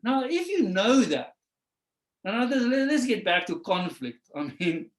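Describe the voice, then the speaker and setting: A man's voice: high-pitched, takes it slowly. A man presenting a webinar lecture as a trainer, talking conversationally with rhetorical questions and acting out quoted voices. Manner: animated, acts out quoted voices.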